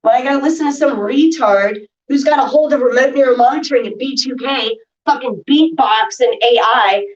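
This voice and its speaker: A woman ranting to her viewers on a livestream, irritated and swearing. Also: sits high. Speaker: vlogger. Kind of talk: casual livestream talk to viewers. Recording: distant dull lo-fi audio.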